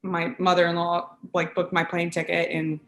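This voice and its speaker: Halting woman around thirty, low flat voice. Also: reverberant, faint music behind. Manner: halting, with many pauses and fillers. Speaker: interviewee. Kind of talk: emotional personal recollection.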